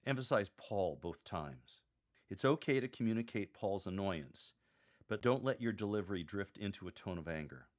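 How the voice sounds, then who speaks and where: A man giving calm, measured coaching on how to read a scripture passage aloud, demonstrating the readings himself. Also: lowish voice. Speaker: lector coach.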